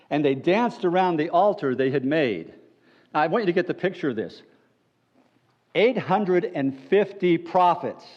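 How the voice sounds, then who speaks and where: Animated male pastor preaching a sermon. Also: lo-fi sound. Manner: animated, playful storytelling that drops to low earnest appeals.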